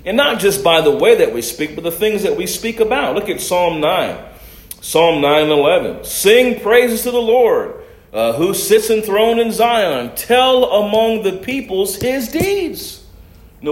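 A man preaching a sermon and reading scripture aloud, swinging from loud, raised passages to soft asides. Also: mid-range voice. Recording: echoey room.

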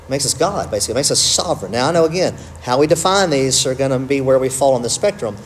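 A man teaching a church class, conversational and quick to joke at his own slips. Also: mid-range voice, animated, slight background noise. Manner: conversational, self-interrupting with humor.

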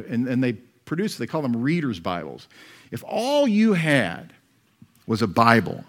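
Male pastor, middle-aged, mid-pitched voice; chatty expository sermon full of rhetorical questions. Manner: conversational preaching with rhetorical questions and asides.

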